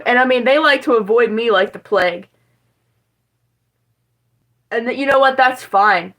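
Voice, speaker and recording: Her voice a bit high, fairly bright and a little slow, a young West Virginia woman chats casually on a livestream from her home kitchen. She rambles and swears freely with her viewers, and the audio is poor.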